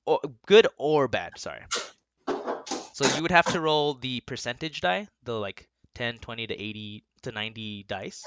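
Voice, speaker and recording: A young man running a tabletop fantasy game as game master. He narrates casually in a mid-pitched voice, with plenty of fillers and chuckles along the way. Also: big pitch swings, moderate pace, a bit bright, clean tone, highs cut off. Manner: loose and chatty, with fillers and laughs.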